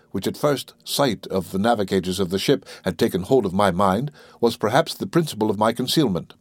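Low-voiced man reading a solemn tale. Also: no echo, studio quality. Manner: measured, solemn storytelling. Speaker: narrator. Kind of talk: audiobook reading of classic literature.

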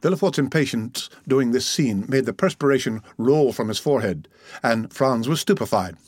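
A man's voice: medium pitch, animated, moderate pace, husky, dry recording, clean studio sound. Man narrating a classic novel. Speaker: audiobook narrator.

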